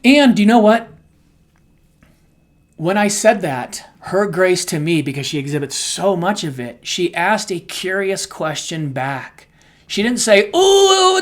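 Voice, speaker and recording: A middle-aged man co-hosting a podcast, talking candidly and emotionally, his voice swinging between soft and loud. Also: sits high, animated, measured pace. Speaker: co-host.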